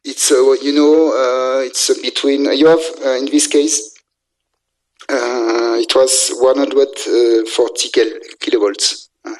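A man lecturing on engineering at a middle pitch. He talks in a halting way and keeps stopping to search for words with "uh" before starting again. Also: fairly even intonation, low-quality recording. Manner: halting, frequent filler sounds and restarts. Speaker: university lecturer in electrical engineering. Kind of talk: technical lecture.

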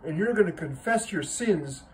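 A man's voice: fairly high pitch, animated, moderate pace, a little hiss or hum, voice pushed up, lightly acted, rough recording. An older man telling a joke and voicing an indignant, outraged father who sputters and lectures.

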